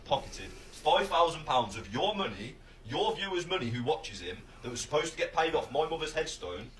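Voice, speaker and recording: A man's voice: fairly high pitch, sing-song, normal speed, fairly bright tone. A man ranting in a phone video, aggrieved and accusing someone. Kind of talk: phone video call-out rant. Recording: distant phone video with faint noise.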